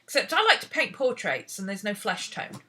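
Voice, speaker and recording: A woman's voice: medium pitch, very animated, normal speed, bright, forceful tone. A British woman teaching painting in a casual, rambling tutorial, chatting and talking to herself as she works. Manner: chatty, rambling, talks to herself while searching. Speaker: art teacher.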